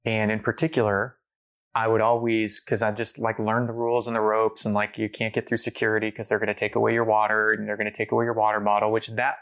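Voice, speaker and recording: A man with a low, gravelly voice tells a story in an easy, chatty way, leaning on filler words and acting out the people he met. His delivery is lively and loose, with a rough crackle at the bottom of his voice. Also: quick pace. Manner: animated storyteller, many fillers, acts out quotes. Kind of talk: casual storytelling conversation.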